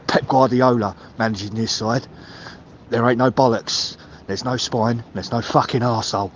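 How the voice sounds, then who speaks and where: A man leaves a furious voicemail and swears his way through a rant that keeps climbing in heat. His voice comes through a muffled line, with faint traffic noise behind him. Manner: heated, swearing, builds to shouting pitch. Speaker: caller leaving a voicemail. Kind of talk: angry football fan rant.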